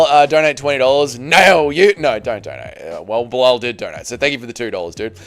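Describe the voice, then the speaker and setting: A man hosting a casual livestream, joking and bantering while he reads out viewer comments. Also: a little high. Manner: joking, loose banter with chat, frequent laughs. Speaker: livestream host.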